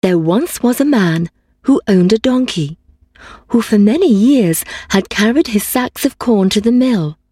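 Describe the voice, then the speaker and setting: A woman reading a fairy tale aloud in a calm, even manner. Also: mid-range voice, measured pace, husky, dry recording, clean studio sound. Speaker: storyteller. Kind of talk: storybook reading.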